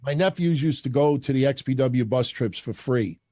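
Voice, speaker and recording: This is a wrestling podcast host, a middle-aged man, guesting in a casual interview and speaking at a moderate pace in a mid-range voice. The studio-quality audio has no echo, and his storytelling is animated, blunt and full of profanity.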